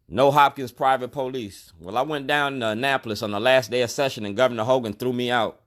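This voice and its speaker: A middle-aged store owner speaking straight to the camera in a protest monologue, colloquial and emphatic, repeating his key lines. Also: mid-range voice. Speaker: store owner and activist vlogger.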